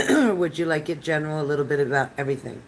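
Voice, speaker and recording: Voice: medium pitch, lively intonation, fast talker, a little hiss or hum, poor audio. An older tarot reader giving live readings to chat viewers in a chatty, rambling, reassuring manner.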